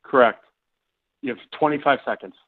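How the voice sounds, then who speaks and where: A man's voice: mid-range voice, moderate pace. A man calling in to a talk show, playfully using folksy old-timey Southern sayings while he quizzes the host. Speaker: caller. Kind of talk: phone-in call. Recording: tinny phone line.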